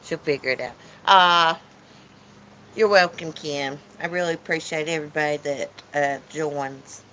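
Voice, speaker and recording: A woman's voice: deep voice, unhurried, fairly bright tone, slight background noise, low-quality recording. A woman hosting a casual livestream chat from her porch, teasing and reading comments aloud. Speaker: channel host. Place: porch outdoors.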